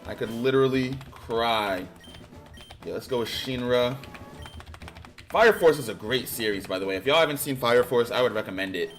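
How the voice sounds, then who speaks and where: A man talks through his game as he plays it, thinking out loud in a loose, rambling way. His pitch sits in an ordinary middle range, and now and then his voice jumps up with excitement. Faint music plays behind him. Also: normal speed. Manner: musing, trails off, then bursts into loud excitement. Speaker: streamer. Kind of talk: casual game commentary.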